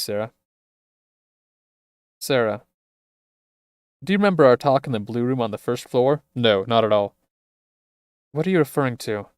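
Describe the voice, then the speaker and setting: A man's voice: mid-range voice, clear, resonant tone, dry recording, natural voice. Guarded, easygoing man with secrets, read by a male streamer; dry close mic. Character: guarded, laid-back adult man with secrets.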